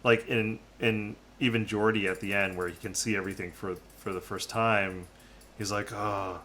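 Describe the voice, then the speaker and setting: A man's voice: fairly low pitch, steady tone, moderate pace, sharp tone, slight background noise. A man co-hosting a casual podcast review, talking in a hedging way and often tagging his points with "right?". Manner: hedging, tags statements with "right?". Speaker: podcast co-host.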